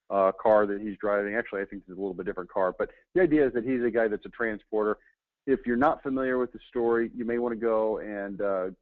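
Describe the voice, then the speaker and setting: A man's voice: medium pitch, no echo. A man giving a marketing lesson on a webinar, telling a story with many fillers and restarts. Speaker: marketing trainer. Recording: dry, phone-like audio.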